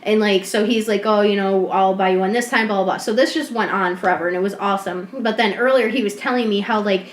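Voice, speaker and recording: Animated woman telling stories in a roomy space. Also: medium pitch, fast. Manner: animated, swearing, acts out quotes. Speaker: podcast co-host. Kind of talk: casual storytelling chat. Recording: roomy echo.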